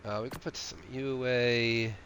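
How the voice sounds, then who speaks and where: A man's voice: mid-range voice, steady tone, moderate pace, fairly bright tone, a little hiss or hum. A man streaming a survival game, casually thinking aloud with lots of fillers and restarts. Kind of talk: casual gameplay commentary.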